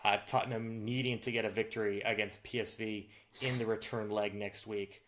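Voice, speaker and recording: A man co-hosts a sports podcast, chatting casually about football results with plenty of fillers and frequent restarts. His voice is fairly low and fairly bright in tone, with little pitch movement, at normal speed.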